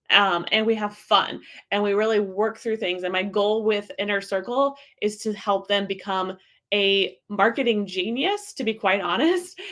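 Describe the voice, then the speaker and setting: A woman's voice: medium pitch, a bit bright. A woman hosting her own motivational podcast, talking casually and upbeat, with many fillers. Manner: chatty, upbeat, says "like" often. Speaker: podcast host and business coach.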